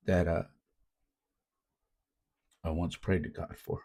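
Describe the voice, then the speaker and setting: A man with a low, gravelly voice tells stories in an easygoing, heartfelt way. His tone is husky, and he slips "man" into his sentences. He sounds like a youth coach hosting his own podcast. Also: level tone, takes it slowly, pauses often, mellow. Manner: laid-back, says "man" often, earnest. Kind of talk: casual reflective storytelling.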